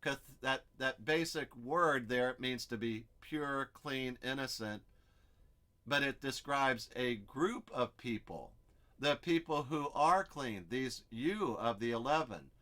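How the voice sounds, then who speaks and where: A man's voice: medium pitch, expressive, slow, pushed and bright. A man teaching an expository Bible study, explaining step by step and thinking aloud as he works through the text.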